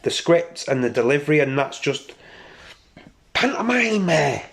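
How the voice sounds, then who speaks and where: Blunt, sweary podcast co-host. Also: male voice, medium pitch, brisk. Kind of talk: casual film chat.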